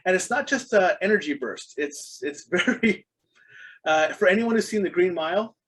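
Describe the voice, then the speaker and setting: A middle-aged man talking as a podcast guest, with a voice a bit higher than most men's. He tells his stories earnestly, circling back with ums and restarts. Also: lively intonation, normal speed, a bit bright, low-quality recording. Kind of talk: casual interview chat.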